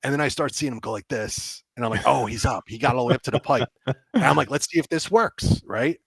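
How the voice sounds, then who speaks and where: A man, a game developer guest on a podcast, telling an animated story and acting out the dialogue with lots of restarts. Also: medium pitch, fairly quick, creaky, slightly rough, no room sound. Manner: excitable, acts out quoted dialogue, many restarts.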